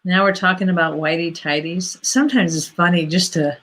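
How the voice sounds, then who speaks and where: A woman's voice: fairly low pitch, fairly even intonation, brisk, fairly bright tone. A woman co-hosting a casual livestream on a video call. She chats, laughs often and sorts out tech trouble. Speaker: livestream co-host. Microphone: computer mic on a video call.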